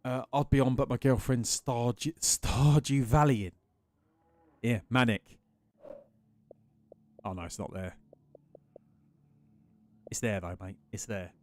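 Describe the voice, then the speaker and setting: A man's voice: mid-range voice, fairly even intonation, slow pace, long pauses, a little mellow, slight background noise. A man chatting casually and swearing as he streams a game, greeting his chat by name. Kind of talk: casual live-stream commentary while gaming.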